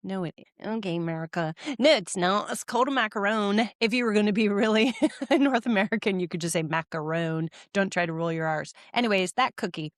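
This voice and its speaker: A woman's voice: mid-range voice, brisk, no echo, clean studio sound. A woman in her forties co-hosting a casual podcast chat, laughing often and swearing freely. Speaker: podcast co-host. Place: California.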